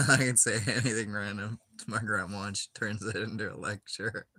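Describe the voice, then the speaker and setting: A man's voice: lowish voice, fairly even intonation, moderate pace, pushed and bright, slightly rough. A young man chatting casually while he plays a game, rambling with lots of filler words and frequent giggles. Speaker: gaming streamer.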